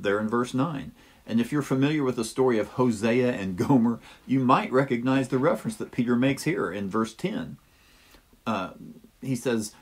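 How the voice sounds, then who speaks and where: A man with a lowish, slightly breathy voice explains a Bible passage to teachers in a weekly lesson, dropping in a few "uh"s along the way.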